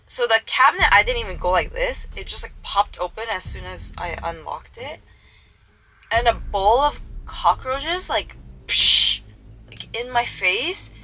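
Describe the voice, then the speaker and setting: A woman's voice: mid-range voice, sharp tone, slight background noise, rough recording. A young adult woman vlogging, telling a story casually and animatedly, sometimes dropping to a whisper for suspense.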